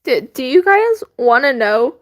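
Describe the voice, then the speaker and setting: A woman's voice: sits high, big pitch swings, measured pace, no echo. A teenage girl vlogging from her bedroom, rambling about her school day with lots of fillers and giggles. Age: teens. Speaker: student vlogger. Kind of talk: casual chat. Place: bedroom at home.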